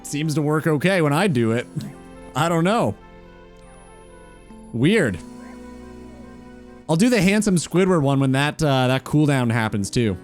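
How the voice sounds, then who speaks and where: A man's voice: on the high side, lively intonation, a little slow, pauses often, faint music behind. A man chatting casually on a gaming stream, teasing and mock-incredulous.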